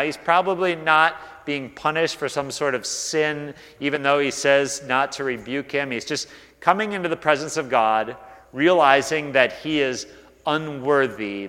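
A man's voice: medium pitch, a little slow, a bit bright, long reverb tail. A man preaching a conversational sermon as a pastor, casual and self-deprecating, with restarts and fillers.

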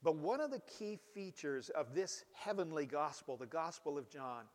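Man, pastor, sermon, measured delivery, emphatic rises, slightly high voice, long hall reverb. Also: animated.

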